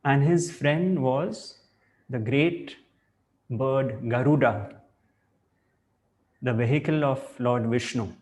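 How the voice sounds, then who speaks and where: A man giving a spiritual talk, reflective and deliberate, weaving in a parable. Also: medium pitch, a little mellow. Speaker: spiritual teacher.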